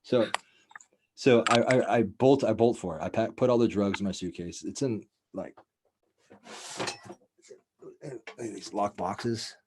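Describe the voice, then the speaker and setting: A man hosting a casual podcast, telling a wild story in a profane, rambling, animated way. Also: on the low side, measured pace, long pauses, a little hiss or hum. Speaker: podcast host.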